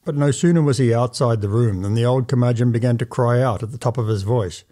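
Mellow male audiobook narrator. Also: medium pitch. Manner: measured, formal storytelling in first person.

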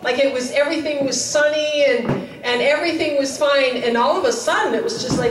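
A woman's voice: high voice, brisk, background noise. A woman telling a story at a chapel service, acting out the dialogue in a casual, conversational way. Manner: retells a story with quoted dialogue, conversational fillers. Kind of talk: sermon storytelling. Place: chapel hall. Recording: echoey hall, voice from far off.

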